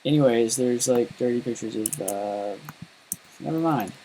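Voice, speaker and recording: A man's voice: medium pitch, measured pace, dark tone, a little hiss or hum, low-quality recording. A man chatting casually while coding on a live stream, rambling and self-deprecating. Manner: rambling and self-deprecating, lots of fillers and laughs. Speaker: programmer streaming his coding.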